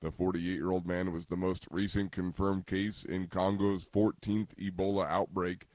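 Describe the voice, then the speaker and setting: A man reading a radio news bulletin as the anchor, in a measured, even delivery. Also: deep voice, no room sound.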